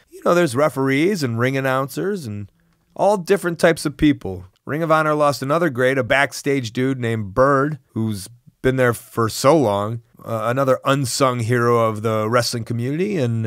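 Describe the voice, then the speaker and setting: A man's voice: medium pitch, a bit bright, no echo, studio quality. A man hosting a podcast, asking guests casual questions backstage with teasing jokes. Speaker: podcast host. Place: backstage locker area.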